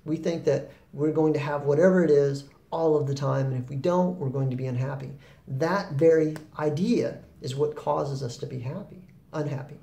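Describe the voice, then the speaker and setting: A man giving a reflective spoken talk on happiness, relaxed and rambling, with fillers and restarts. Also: on the high side, normal speed, vocal fry, reverberant. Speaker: spiritual talk host.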